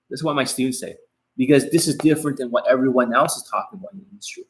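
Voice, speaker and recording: A man holds a live stream Q&A as a dating coach. His voice sits at an ordinary middle pitch. He talks bluntly and curses freely, rambling and circling back over the same phrases. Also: rapid-fire, a bit bright, poor audio. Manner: repeats and restarts phrases.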